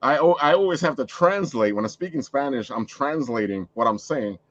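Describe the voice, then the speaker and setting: A man's voice: mid-range voice, lively intonation, a little fast, no room sound, dull audio. A man hosting a casual chat, rambling with many restarts and frequent laughter. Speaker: podcast host.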